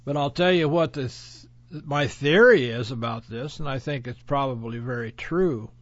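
A man's voice: mid-range voice, moderate pace. A man hosting a radio show in a rambling, folksy monologue, chuckling often and boasting. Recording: dull lo-fi audio.

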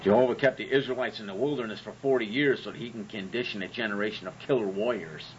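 A man's voice: on the low side, quick pace, slight background noise. Man, host, sarcastic profane monologue, dull audio. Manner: sarcastic and profane, uses rhetorical questions. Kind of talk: comedic monologue on religion.

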